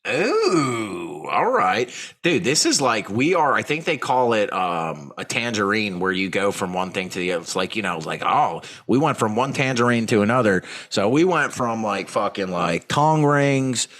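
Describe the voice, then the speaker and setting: A man's voice: lowish voice, very animated, normal speed, few pauses, a bit bright. A man co-hosting a comedy podcast, talking crudely and rambling, often laughing. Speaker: podcast co-host. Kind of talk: casual comedy chat.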